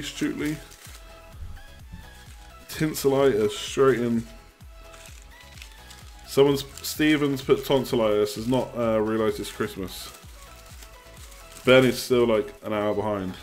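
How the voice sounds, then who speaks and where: A man's voice: mid-range voice, a little mellow. Chatty man on a live stream. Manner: chatty, joking, reads chat aloud. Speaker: livestream host. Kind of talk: casual live chat.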